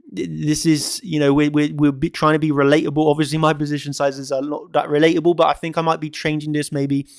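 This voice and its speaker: A man's voice: a little high, clean tone, no room sound, studio quality. A man hosting a crypto trading channel, giving casual market commentary to camera in an emphatic way, repeating phrases for stress. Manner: emphatic and repetitive, stacking phrases.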